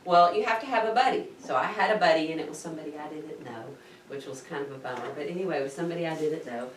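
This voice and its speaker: A woman with a low voice tells a lively story about herself, acting out her own startled gasps. She sits back from the mic in a roomy space that echoes around her, with a faint hum of ambience behind. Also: rapid-fire, distant mic. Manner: animated, acts out her own gasps and panic. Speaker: diving vlogger recounting her scuba course. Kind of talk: casual storytelling to camera. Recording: roomy echo, speaker set back from the mic.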